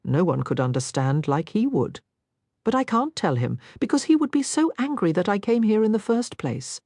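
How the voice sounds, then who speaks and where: A woman voicing a tearful, frightened young gentlewoman who speaks unsteadily. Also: mid-range voice, very animated, moderate pace, no echo, clean studio sound, voice pushed up.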